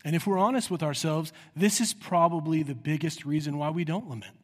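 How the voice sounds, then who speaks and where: A man preaches a sermon in a somewhat high voice. He speaks earnestly and breaks into voiced prayers with rising intensity. The sound carries a long hall reverb. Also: brisk. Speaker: pastor.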